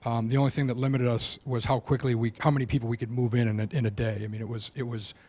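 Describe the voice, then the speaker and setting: A man's voice: medium pitch, level tone, fast, a little mellow. A man presenting to a town board as a housing developer, hesitant and full of restarts. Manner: hesitant, many restarts, explanatory. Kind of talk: public meeting presentation.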